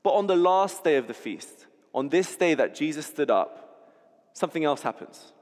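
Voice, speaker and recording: This preacher's voice sits fairly high with a darkish color, animated and at a normal speed. Telling a scene in vivid detail, he keeps restarting and repeating words, all under the long reverb of a hall.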